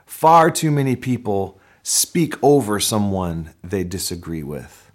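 A man, a pastor, preaching a conversational sermon with animated delivery and frequent restarts. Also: lowish voice, takes it slowly.

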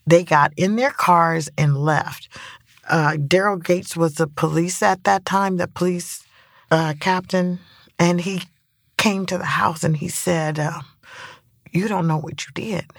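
Brief: middle-aged mother and activist, vivid storyteller, lower voice, unhurried. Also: fairly even intonation, vocal fry, no echo, clean studio sound. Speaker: grieving mother turned activist. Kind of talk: personal testimony in interview.

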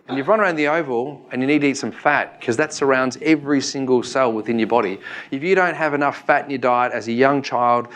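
A man's voice: medium pitch, fairly bright tone, close to an everyday voice. An Australian man voicing a firm, caring mother explaining to her son. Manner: firm, instructive.

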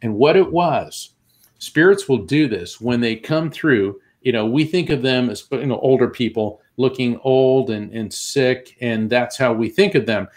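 A man's voice: mid-range voice, measured pace, darkish tone. A man who is a guest on an interview show and tells a long story vividly, acting out the voices of the people he quotes. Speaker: guest, medium.

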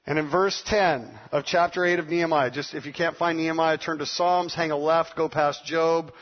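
A man's voice: fairly high pitch, steady tone, normal speed, muffled recording. A middle-aged man preaching a sermon as pastor, playful and laughing, acting out the voices of others.

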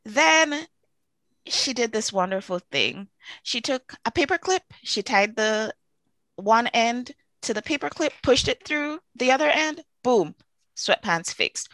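A woman telling a long story in a chatty, animated way, full of asides, now and then jumping up into high excited voices. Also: unhurried, no echo. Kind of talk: casual storytelling to camera.

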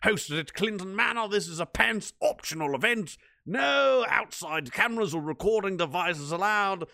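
A man's voice: high voice, expressive, creaky, bright, forceful tone, no echo, clean studio sound, voice pushed up, exaggerated voice. A man hamming up a pompous mock-British herald. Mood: grandiose. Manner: deliberately ridiculous, grandiose. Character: pompous male butler-type herald reading an invitation.

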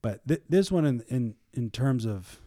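A man leading a casual Bible study, reading scripture slowly and acting out biblical figures in lively everyday speech. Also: medium pitch, no echo, clean studio sound. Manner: reads scripture slowly and deliberately.

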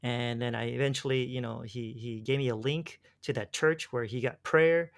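A man's voice: mid-range voice, steady tone, moderate pace, gravelly. Man telling a personal story casually. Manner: rambling, restarts, says "dude" and "bro". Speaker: guest telling his faith story.

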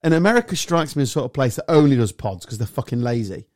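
Jokey, lively man. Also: mid-range voice, fast talker, no room sound, clean studio sound. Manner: jokey, puts on silly voices, swears freely. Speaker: podcast co-host. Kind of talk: casual sweary banter.

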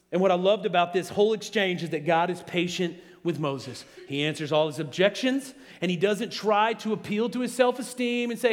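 A man preaching a sermon as pastor, animated and building to emphatic peaks. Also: high-pitched, brisk, hardly any pauses. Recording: long hall reverb.

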